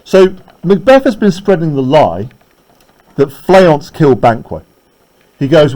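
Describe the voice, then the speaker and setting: Male teacher, fairly high mellow voice, reads verse slowly then paraphrases fast, keeps checking understanding. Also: sing-song, poor audio. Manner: explains step by step, checking in with "right?" and "okay?". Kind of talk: English literature lesson, reading and explaining a play.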